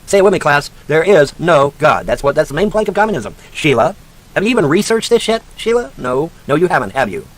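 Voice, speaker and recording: A man's voice: a little high, sing-song, fast talker. A man delivering an angry, profane rant, mocking and lecturing like a sarcastic teacher. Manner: profane, mocking, shouting insults at a named woman. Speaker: online commentator.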